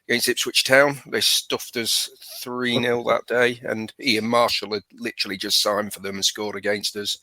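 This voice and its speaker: Bright-voiced northern English man. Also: on the low side, no echo. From southern England. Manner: relaxed anecdotal storytelling. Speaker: podcast guest. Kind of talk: casual chat.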